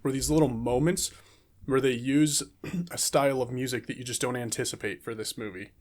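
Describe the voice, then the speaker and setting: A relaxed man talking movies with his co-host in an easygoing podcast chat. He sounds upbeat and laughs easily, with a voice of ordinary pitch for a man. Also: fairly quick. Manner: relaxed, enthusiastic, laughs often. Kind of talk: casual movie review chat.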